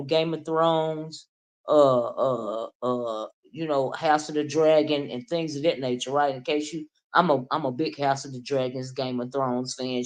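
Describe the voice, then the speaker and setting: Chatty woman on a livestream. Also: sits low. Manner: chatty, greets viewers by name, drawn-out asides. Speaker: livestream commentator. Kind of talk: casual live-chat commentary.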